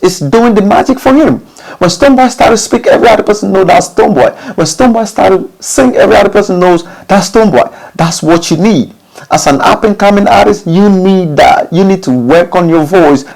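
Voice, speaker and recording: Man giving lively vocal advice. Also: fairly quick, gravelly, rough recording. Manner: repetitive, restarts phrases, rhetorical questions, lively pitch swings. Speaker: music studio instructor. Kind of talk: informal advice talk.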